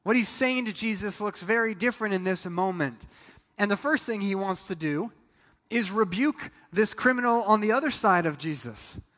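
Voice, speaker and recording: A pastor preaches a sermon in a high, slightly bright voice with lively intonation and a moderate pace. He talks to the congregation conversationally and acts out quoted lines. The hall is reverberant.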